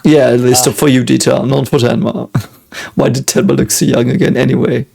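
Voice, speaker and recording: A German man with a German accent talking in English, chatting casually over a show he is watching. His mid-pitched voice has a gravelly, fry-laden edge. He hesitates constantly, stacks up fillers and restarts, and breaks into little chuckles. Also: little pitch movement, moderate pace, crowd noise. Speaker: reaction video host. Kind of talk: casual reaction commentary.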